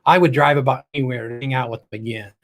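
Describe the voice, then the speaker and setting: A man's voice: mid-range voice, fairly even intonation, fast. A middle-aged man hosting a casual live stream, chatty and upbeat, teasing his viewers.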